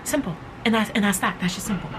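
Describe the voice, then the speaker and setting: A woman's voice: medium pitch, quick pace, background noise. A woman hosting a motivational podcast, talking casually and emphatically, repeating phrases to drive her point home. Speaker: podcast host.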